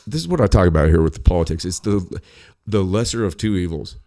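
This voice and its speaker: A man co-hosting a podcast, chatting casually in a loud, profane, ranting way and mocking other people's voices. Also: low voice, animated, quick pace. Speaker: podcast co-host. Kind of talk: casual chat.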